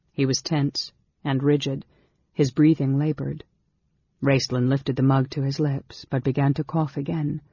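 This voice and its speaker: An audiobook narrator reading a fantasy story in a steady, measured way. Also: mid-range voice, husky, no echo, muffled recording. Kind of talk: scripted narration.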